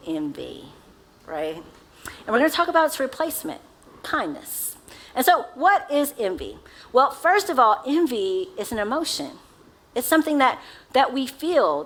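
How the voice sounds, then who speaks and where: A woman's voice: a little high, a bit bright, rough recording. A woman pastor delivering a casual, conversational sermon, often laughing at herself as she talks to the congregation. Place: church sanctuary.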